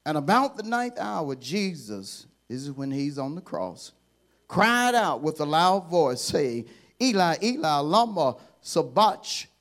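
A man, a bishop, preaching a sermon in a fiery call-and-response style that swings from hushed asides to shouting. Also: a little high, sing-song, unhurried.

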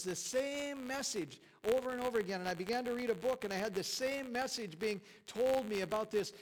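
A pastor with a high voice preaches in a church sanctuary, using a conversational, folksy style full of chuckles and emphatic repetition. The audio quality is poor.

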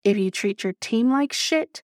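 A woman's voice: fairly high pitch, measured pace, dry recording. Podcast host, woman, emphatic storyteller, swears, dry close sound. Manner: animated and emphatic, swears freely, addresses listeners as "y'all". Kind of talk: casual storytelling monologue.

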